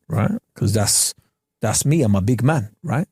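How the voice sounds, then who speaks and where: Young man, animated slangy storyteller, podcast co-host, dry studio sound. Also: fairly low pitch, normal speed, slightly rough, dry recording. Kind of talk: casual podcast banter. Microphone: studio podcast mic.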